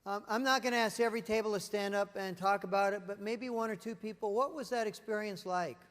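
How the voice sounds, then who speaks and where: High-voiced man giving a lively talk. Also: a little fast, big-room sound. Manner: energetic storytelling, rhetorical questions to the room. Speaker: keynote speaker. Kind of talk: corporate leadership presentation. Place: large meeting room with an audience at tables.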